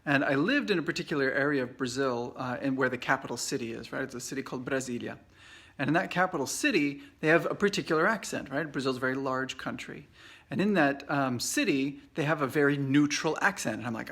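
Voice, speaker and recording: A man's voice: fairly high pitch, a little fast, husky. Chatty American man teaching English. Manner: relaxed, chatty, many fillers and restarts. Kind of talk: casual video lesson. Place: away from home at a conference trip. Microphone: Facebook Live video.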